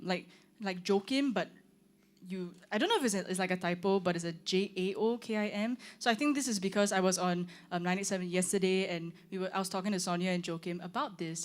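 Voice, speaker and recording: A young woman, a singer chatting casually on a livestream, rambling with lots of "like" and "um". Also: on the low side. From Singapore. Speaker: singer hosting her own launch stream. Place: room with her band.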